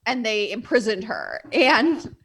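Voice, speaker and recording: A woman co-hosting a podcast in casual chat, animated and full of "like" fillers. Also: a little high, slow pace, slightly rough. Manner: animated, often acts out quotes, many "like" fillers. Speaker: podcast co-host.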